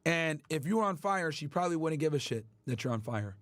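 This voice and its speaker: A man's voice: on the high side, animated, brisk, no room sound. Brash, profane man ranting to chat. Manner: profane, emphatic, addresses chat directly. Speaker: livestream host. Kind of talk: casual livestream rant.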